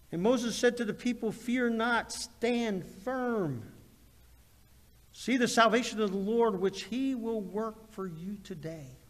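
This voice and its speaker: A man delivers a sermon in a high, unhurried voice. He swings from ringing emphasis to hushed, almost whispered asides. His words trail off into the long reverb of a big hall. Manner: animated preaching, swings from loud to hushed. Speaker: pastor.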